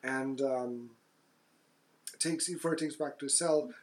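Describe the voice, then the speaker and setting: Casual man recapping a film. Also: medium pitch. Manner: relaxed, recaps plot with hesitant fillers and quick voiced asides. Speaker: podcast co-host. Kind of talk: casual movie recap chat.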